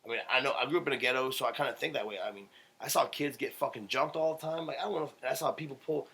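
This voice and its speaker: A man's voice: medium pitch, rapid-fire, vocal fry, a bit bright, slightly rough, rough recording. Swearing, fired-up young man. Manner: swearing, rambling, heated storytelling. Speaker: podcast guest. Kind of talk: casual podcast chat.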